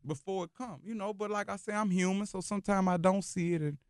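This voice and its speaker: A man speaks in a gravelly, creaky voice. He sounds emphatic and philosophical, often repeating phrases for stress. He is a guest in a dry radio studio. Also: sits high, fast talker, a little mellow, no echo. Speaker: rapper guest. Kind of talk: radio interview conversation. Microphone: studio microphone.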